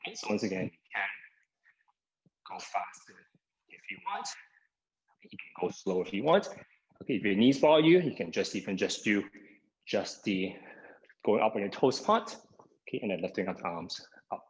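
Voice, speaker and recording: A man with a fairly low voice leads an online aerobics class over a video call. He is a little out of breath and opens nearly every instruction with "okay", counting down the last seconds of each set. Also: animated, normal speed, long pauses, rough recording. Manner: begins most cues with "okay", counts down seconds. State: somewhat out of breath. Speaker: exercise instructor. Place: home via video call. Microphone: video call microphone.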